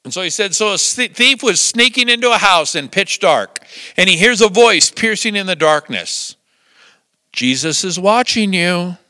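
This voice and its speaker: An older pastor with a high-sitting voice preaches a sermon at a moderate pace, with no echo. He tells lively stories, chuckling and acting out the quotes.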